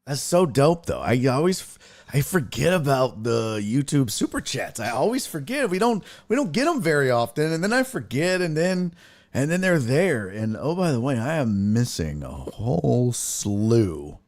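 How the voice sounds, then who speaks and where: A man hosting a casual sports live stream, reading viewer comments and ranting with profane, exasperated outbursts that break into yelling. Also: mid-range voice, very animated, normal speed.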